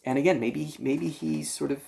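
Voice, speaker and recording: A man giving a casual spoken film review for a library channel, thoughtful and halting, with many fillers and restarts. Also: fairly high pitch, steady tone, creaky, darkish tone.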